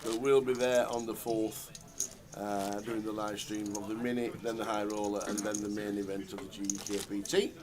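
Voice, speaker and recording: A man's voice: on the low side, moderate pace, a crowd in the background. Chatty man commentating poker. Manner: chatty, relaxed, banters with co-host. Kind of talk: live poker commentary, casual chat.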